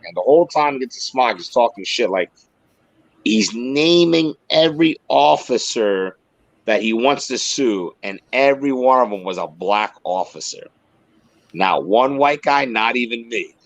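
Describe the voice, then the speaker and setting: Podcast co-host, male, husky and animated, swears freely, dry close mic. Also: mid-range voice, no echo, rough recording. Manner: animated, profane, acts out quoted voices. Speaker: podcast co-host, former corrections supervisor. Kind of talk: casual storytelling chat.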